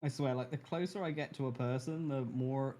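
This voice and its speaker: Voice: medium pitch, fairly quick, warm tone. A co-streamer chatting casually and joking, laughing often.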